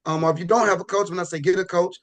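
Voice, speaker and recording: A man talking as a podcast guest in a relaxed, rambling way, often restarting his sentences. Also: sits high, very fast. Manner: relaxed, rambling with frequent restarts and "you know". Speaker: podcast guest, pro bodybuilder. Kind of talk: casual podcast chat.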